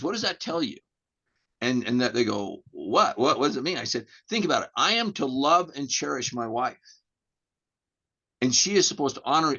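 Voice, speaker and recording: Middle-aged man, podcast guest, animated storytelling, repeats words, middle pitch, muffled lo-fi audio. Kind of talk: candid podcast conversation.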